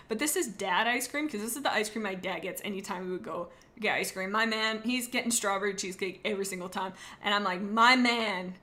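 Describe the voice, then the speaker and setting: A woman with a bright, sharp voice talks in a loose, joking way, rambling from one thought to the next. She chats casually with her stream audience as the host. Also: mid-range voice. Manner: rambling and jokey, chatting to viewers. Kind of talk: casual live-stream chat.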